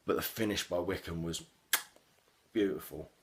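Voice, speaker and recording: Deep-voiced lad ranting about football. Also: male voice, moderate pace, vocal fry. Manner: heavy swearing, animated, rambling with fillers. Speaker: football fan vlogger. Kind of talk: casual match reaction rant.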